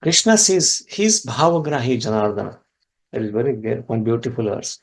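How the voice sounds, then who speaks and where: A man teaching a scripture class, retelling a devotional story and explaining Sanskrit words step by step, his voice jumping up in pitch at key moments. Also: moderate pace. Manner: animated storyteller with sudden pitch rises. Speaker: spiritual teacher.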